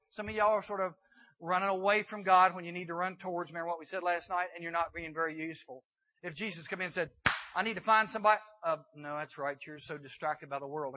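A man preaching a sermon to a youth group, telling a Bible story and acting out the characters in dialogue. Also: high-pitched. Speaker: youth speaker. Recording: dull lo-fi recording.

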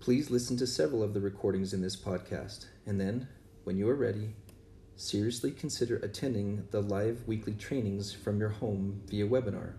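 A man with a low, mellow voice reads a measured promotional intro. He sounds roomy and set back from the mic, with plenty of room reflection around him. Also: a little hiss or hum. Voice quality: measured, spells things out slowly. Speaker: podcast host. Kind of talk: scripted promo. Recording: roomy recording from a distance.

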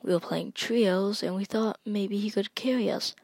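A woman narrating a spooky first-person story, slow and halting, sometimes dropping to a whisper. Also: mid-range voice, darkish tone, breathy edge, no room sound.

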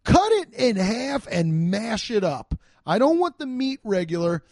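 A man's voice: high-pitched, big pitch swings, unhurried, darkish tone, no echo, clean studio sound, voice pushed up, heavily acted. A man voicing a pompous old German duke who haughtily demands a hamburger. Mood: haughty demanding.

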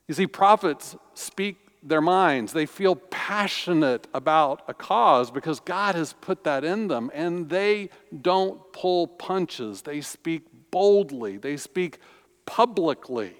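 A man preaching a sermon as pastor, slow and deliberate with emphatic pauses. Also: a little high, lively intonation. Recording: long reverb of a large hall.

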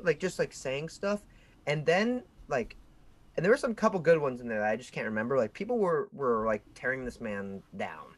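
A man's voice: fairly high pitch, a little fast, a little hiss or hum. A young man co-hosting a podcast, telling a story in casual chat and acting out the people in it. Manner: animated storyteller, shouts out quoted voices. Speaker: podcast co-host.

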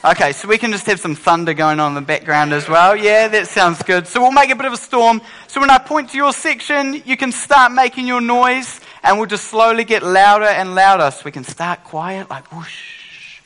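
A man with a high, bright, ringing voice runs a playful children's talk at church. He keeps the kids involved with games and cheers them on constantly. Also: rough recording. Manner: playful, encouraging, quick with praise. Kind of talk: lively kids' talk with audience games.

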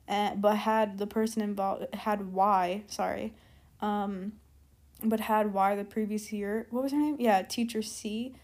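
A woman of middling pitch tells a personal story straight to the camera. She talks in a loose, chatty way, filling her sentences with "like" and side notes. Now and then she stops short, backtracks and picks the thread back up. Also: darkish tone. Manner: chatty, lots of "like" and "keep in mind" asides; rambling, loses her train of thought and backtracks. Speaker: storytime vlogger. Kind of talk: casual storytelling.

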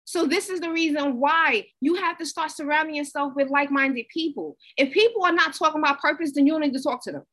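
A woman giving a conversational, animated inspirational talk, repeating herself for emphasis. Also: sits high, quick pace, hardly any pauses, low-quality recording. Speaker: motivational speaker.

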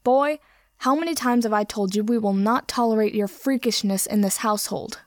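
A woman voicing a large, cruel middle-aged man who booms and scolds. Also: moderate pace, no echo, clean studio sound, lightly acted. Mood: angry. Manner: booming, scolding. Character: large bullying older uncle, loud and cruel.

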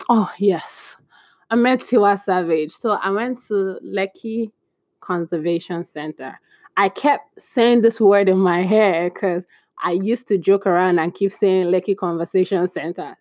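A young woman in casual storytime chat, chatty and animated, acting out bits of dialogue with exclamations. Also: mid-range voice, no room sound, studio quality. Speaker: vlogger.

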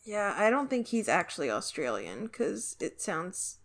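A woman co-hosting a podcast in casual chat, dropping dry, quick quips. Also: mid-range voice, very animated, gravelly. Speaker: podcast co-host.

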